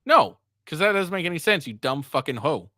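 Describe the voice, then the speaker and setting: A man's voice: a little high, big pitch swings, a little fast, bright, forceful tone, no room sound, clean studio sound. A man giving crude, mocking reaction commentary, swearing and laughing as he talks. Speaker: commentary streamer.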